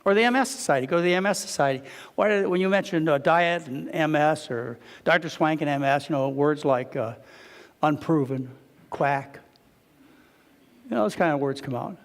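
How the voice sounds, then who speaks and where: A man lectures an audience as a doctor, his slightly high voice rising sharply as he acts out conversations. The sound rings out with the long reverb of a lecture hall. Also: normal speed. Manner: animated storytelling, quotes others with raised voice. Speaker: physician lecturer.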